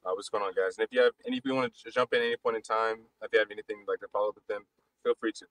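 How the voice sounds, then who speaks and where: Low-voiced man hosting a casual sports chat. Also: steady tone, a bit bright, no echo, low-quality recording. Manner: rapid, loose talk with many restarts. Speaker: podcast host. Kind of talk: casual basketball chat on a live audio stream.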